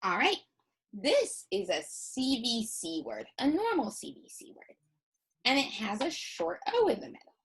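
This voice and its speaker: A woman teacher giving a recorded phonics lesson for children, sounding out vowels slowly and repeating each one with emphasis. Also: fairly high pitch, big pitch swings, gravelly, slightly rough.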